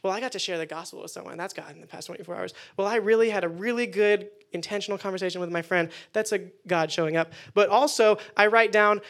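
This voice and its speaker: A man preaching a casual youth sermon indoors to listeners, energetic and conversational with jokes. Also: high-pitched, fast, few pauses. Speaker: youth pastor. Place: indoor meeting room with listeners.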